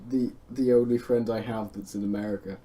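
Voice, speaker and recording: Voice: medium pitch, fairly even intonation, fairly quick, dark tone, a little hiss or hum. A speaker chatting casually, rambling and trailing off while helping a friend record. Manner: giggly, rambling, trails off mid-sentence. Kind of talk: casual chat.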